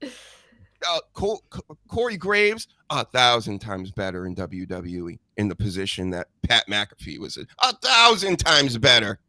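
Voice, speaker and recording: Profane ranting man, bright voice. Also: lowish voice, measured pace, no echo, clean studio sound. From United States. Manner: animated, profane, sarcastic ranting. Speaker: podcast host. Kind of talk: casual ranting chat.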